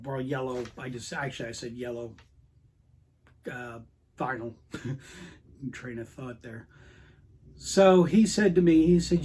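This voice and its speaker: A man's voice: fairly high pitch, a little mellow, slight background noise. A man hosting his own record collecting channel, telling a rambling, frustrated story to camera with lots of quoted dialogue. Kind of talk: casual rant to camera.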